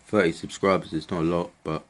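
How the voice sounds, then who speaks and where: Brief: young man, low voice, vlog rant, sweary and rambling, exasperated. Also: little pitch movement, a little fast. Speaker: vlogger. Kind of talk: casual rant to camera.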